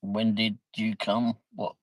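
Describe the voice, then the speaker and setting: A man's voice: on the low side, little pitch movement, slow, no room sound, poor audio. A middle-aged man, chatting casually on his livestream, reading viewer comments, laughing easily and swearing mildly. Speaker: livestream host.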